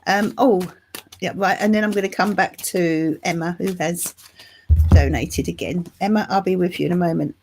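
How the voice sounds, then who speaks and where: A woman's voice: fairly low pitch, moderate pace, creaky, darkish tone, a little hiss or hum. A middle-aged woman from England, getting over the flu, reading tarot cards live and chatting affectionately with viewers. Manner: chatty, affectionate, calls viewers love and darling. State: recovering from flu. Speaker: tarot reader and channel host.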